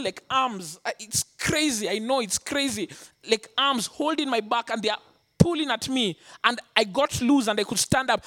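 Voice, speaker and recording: Man preaching a testimony. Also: very high-pitched. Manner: animated storytelling, acting out quotes. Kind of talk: sermon testimony.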